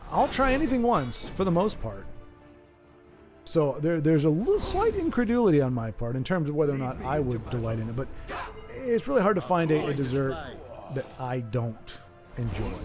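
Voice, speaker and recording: A man hosting a live stream, chatting with viewers and commentating a card game match in a rambling, self-mocking, jokey way. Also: on the high side. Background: background music.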